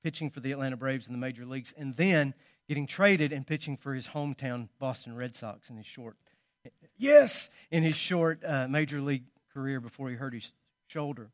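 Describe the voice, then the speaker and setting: A man preaching a sermon, telling stories and swinging between loud emphasis and quiet asides. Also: medium pitch, brisk, no room sound, studio quality. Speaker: pastor.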